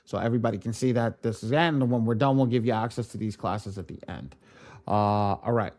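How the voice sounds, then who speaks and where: A man acting as software trainer, speaking casually and in slang straight to the viewers of a live online class. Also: medium pitch, fast.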